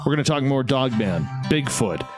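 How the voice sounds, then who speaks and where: A man's voice: mid-range voice, expressive, moderate pace, over music. A man hosting a late-night radio interview, chatty and rambling with a self-mocking streak. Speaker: radio show host.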